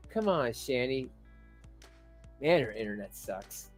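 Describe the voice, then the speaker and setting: A man giving mocking reaction commentary on a livestream, laughing often. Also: mid-range voice. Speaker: commentary streamer.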